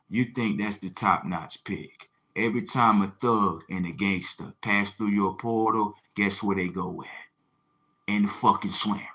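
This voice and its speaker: A man's voice: fairly low pitch, sharp tone. A man hosting a livestream, delivering a confrontational, preachy monologue full of rhetorical questions, slang and swearing. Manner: slangy, swearing, repeats phrases for emphasis. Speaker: livestream host.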